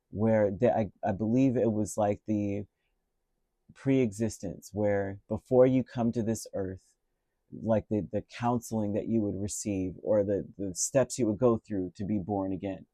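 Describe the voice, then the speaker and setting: A man's voice: on the low side, measured pace, dark tone, no room sound. A middle-aged man giving a casual, rambling tarot reading and telling a story along the way, with many restarts. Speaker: tarot reader.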